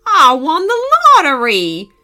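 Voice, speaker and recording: A woman's voice: sits high, wildly swooping pitch, measured pace, sharp tone, faint music behind, voice pushed up, heavily acted. A woman voicing a flustered, stammering old man who pleads and frets, for a children's storybook.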